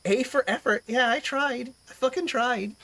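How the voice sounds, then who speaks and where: A woman's voice: a little high, moderate pace, fairly bright tone. A young woman hosting a live stream, chatting casually, rambling and swearing freely as she reacts to chat. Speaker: livestream host.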